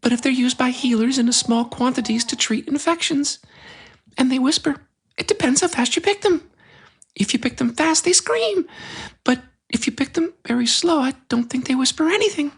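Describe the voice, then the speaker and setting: A woman's voice: sits high, lively intonation, moderate pace, slightly rough, pitched above the performer's own voice, full character voice. A woman voicing a hyper, ditzy young woman like a teen cheerleader, whose voice rises at the end of every line. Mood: bubbly.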